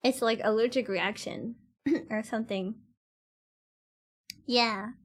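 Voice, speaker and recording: A woman's voice: on the high side, slow. A woman streamer chatting casually with her viewers, giggling and laughing often, with loose, slightly non-standard grammar.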